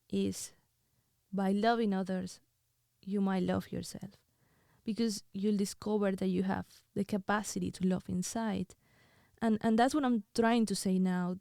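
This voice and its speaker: Tearful woman with a mellow voice. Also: mid-range voice, vocal fry, no room sound, studio quality. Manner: emotional, halting, intimate. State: crying. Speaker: host. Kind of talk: confessional reading of her own writing.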